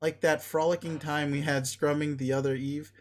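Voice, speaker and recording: Man reading as earnest young guy, folksy old-timey talk, hesitant, slightly high voice. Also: level tone, moderate pace, a little hiss or hum, close to an everyday voice. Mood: flustered. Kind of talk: reading a webcomic aloud.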